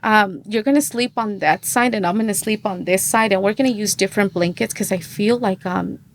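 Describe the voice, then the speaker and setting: A woman's voice: mid-range voice, a little fast, a little hiss or hum. A woman in her thirties, a podcast guest, chatting through a personal testimony and acting out the dialogue she quotes. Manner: chatty, acts out quoted dialogue, many fillers. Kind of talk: personal testimony in casual conversation.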